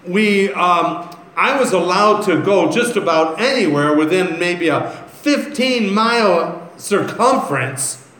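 A man delivers a sermon at an unhurried pace, moving between scripture and conversational stories. His voice sits a little high for a man. The room adds a noticeable echo, with a faint ambient noise behind him. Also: fairly bright tone. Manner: conversational, reads scripture then tells stories. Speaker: preacher.

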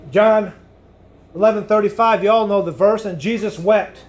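A man preaching a sermon in a loud, emphatic way, swinging between booming lines and hushed ones. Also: steady tone, moderate pace, dull audio.

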